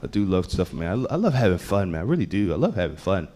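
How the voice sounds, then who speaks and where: Lively, animated stand-up comic man. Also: fast. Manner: animated, swings from loud bursts to low asides. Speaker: stand-up comedian. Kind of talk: stand-up storytelling. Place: comedy club stage.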